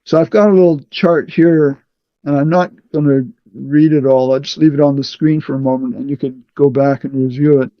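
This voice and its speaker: A man leading a scripture study, explaining verses deliberately and checking in with "okay" often. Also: a little high, fairly even intonation, dry recording. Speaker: Bible study leader. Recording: muffled, dry sound.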